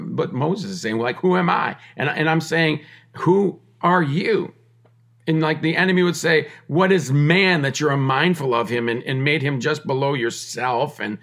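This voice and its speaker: A man's voice: medium pitch, gravelly, a bit bright. A middle-aged man giving a podcast sermon, emphatic and repetitive, with conversational joking asides. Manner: emphatic preaching with repeated phrases and restarts. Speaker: podcast preacher.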